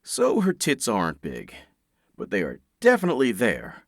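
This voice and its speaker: A man's voice: on the low side, wildly swooping pitch, moderate pace, no echo, clean studio sound. A male narrator reading a first-person audiobook with a sardonic, exasperated edge.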